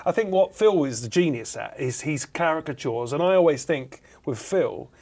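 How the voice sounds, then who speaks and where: A man with an Essex accent, a panel show team captain, chatting in a rambling, animated way. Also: on the high side, normal speed. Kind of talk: casual panel chat. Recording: background noise.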